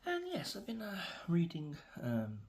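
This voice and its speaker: A man's voice: a little high, wildly swooping pitch, measured pace, vocal fry, a little mellow. A middle-aged man with an English accent, rambling through an opinionated vlog rant with many fillers and restarts. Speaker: vlogger.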